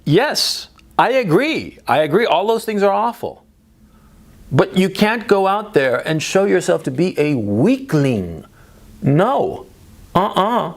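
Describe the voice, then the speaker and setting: A man talks straight into the camera in an opinionated monologue that is blunt and laced with profanity. His voice sits a little high and has a gravelly edge. He drops into low muttering, then jumps up into sharp emphasis. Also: big pitch swings, slow pace. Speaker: video commentator.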